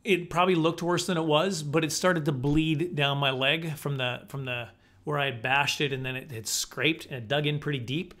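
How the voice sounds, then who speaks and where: Telling stand-up stories at a moderate pace, a middle-aged man speaks in a slightly high voice. He's animated and pokes fun at himself, frequently breaking into character voices.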